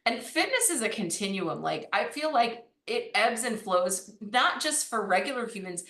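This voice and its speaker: A woman running coach talking in a casual interview, animated, laughing often and using lots of fillers. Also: medium pitch, moderate pace. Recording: echoey room.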